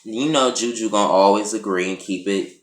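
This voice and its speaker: A man's voice: fairly low pitch, fairly quick. A man giving a sassy, profane, casual recap of a reality show episode in his vlog. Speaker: TV recap vlogger. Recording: roomy echo.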